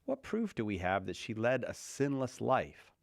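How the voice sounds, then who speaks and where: A man's voice: medium pitch, huge pitch swings, normal speed, creaky, no room sound. A man hosting a call-in radio show in a playful, joking manner, speaking into a studio microphone.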